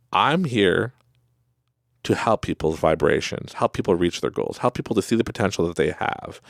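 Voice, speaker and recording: A man with a Canadian accent hosting a podcast, giving an animated, conversational motivational monologue and laughing often. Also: low voice, creaky, dry recording, clean studio sound. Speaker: podcast host.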